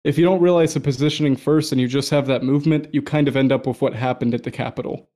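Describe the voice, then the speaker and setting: A man's voice: medium pitch, steady tone, quick pace, dark tone. A male podcast co-host with a mid-range voice. He rambles through his points, hedging with fillers as he goes. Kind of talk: casual podcast discussion.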